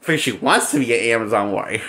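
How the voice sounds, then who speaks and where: A man rants through a film review with crude insults and a mocking tone. His pitch sits at a middle level, and he laughs at his own jokes. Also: lively intonation, fast talker, sharp tone, a little hiss or hum. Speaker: movie reviewer. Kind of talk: casual ranting review.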